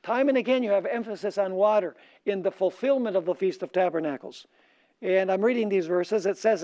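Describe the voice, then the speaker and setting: A man preaching a sermon as a pastor. He asks the audience questions so they can finish his sentences, and he slows down and lifts his voice when he reads scripture. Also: sits high, dark tone. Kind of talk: sermon lecture. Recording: dull lo-fi recording.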